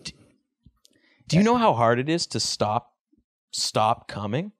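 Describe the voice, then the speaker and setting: A man in casual podcast chat as the comedian guest, animated and swearing freely. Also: medium pitch, unhurried, no room sound, clean studio sound. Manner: animated, swears a lot, breaks into laughs.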